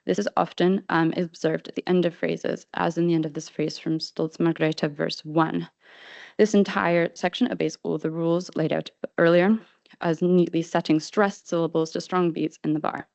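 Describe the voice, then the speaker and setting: A woman presenting an academic conference paper in a careful, measured reading style with frequent hesitations. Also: lowish voice, steady tone, gravelly, a little mellow, no echo, highs cut off. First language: not Swedish.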